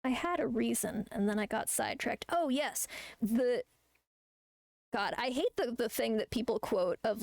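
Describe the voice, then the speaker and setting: Gravelly-voiced woman ranting while drawing. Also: on the high side, unhurried, no echo. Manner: rambling, profane ranting. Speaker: artist streamer. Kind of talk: casual chat while drawing on stream.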